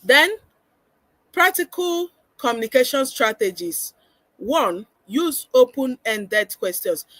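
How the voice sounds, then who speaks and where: A woman's voice: fairly high pitch, expressive, slow pace, a bit bright, dry recording. A woman giving a parenting webinar lecture, earnest and instructive, often acting out how parents should talk with children. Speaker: parenting coach.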